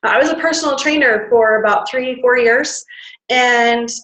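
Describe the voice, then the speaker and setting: A woman's voice: a little high, moderate pace, fairly bright tone, echoey room, low-quality recording. A woman giving a chatty motivational talk to a live audience, demonstrating breathing with sighs. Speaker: wellness workshop presenter. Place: standing before an audience in a room.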